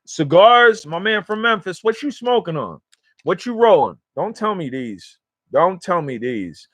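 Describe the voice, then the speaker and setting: A man's voice: high-pitched, very animated, measured pace, fairly bright tone, no echo. Rambling slangy man with a New York accent. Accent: New York/New Jersey. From New York or New Jersey area. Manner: rambling, slangy, easily sidetracked. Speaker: smoking vlogger and livestream host. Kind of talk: casual livestream chat to viewers. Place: at home in a recliner.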